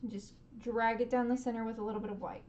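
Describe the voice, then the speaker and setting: A woman streaming a live painting lesson, gently encouraging viewers and making playful sound effects as she paints. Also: a little high, flat delivery, quick pace, highs cut off, a little hiss or hum.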